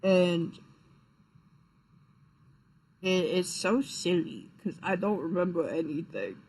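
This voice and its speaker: A man's voice: high-pitched, slow pace, darkish tone, low-quality recording. Rambling, profane young male streamer. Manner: rambling, profane, frequent fillers and restarts. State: tired, yawning. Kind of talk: casual live-stream chat.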